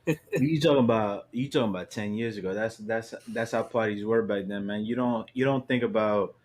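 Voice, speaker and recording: A man co-hosting a podcast, chatting casually and musing back on old times with a relaxed, halting flow of restarts. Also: fairly low pitch. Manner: relaxed, reflective, many restarts and fillers. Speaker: podcast co-host. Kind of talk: casual chat.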